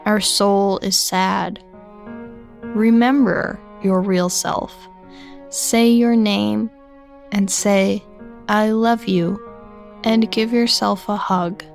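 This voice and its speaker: A woman voicing a calm, earnest female yoga teacher with a Korean accent, giving slow, soothing instructions. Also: mid-range voice, vocal fry, soft background music.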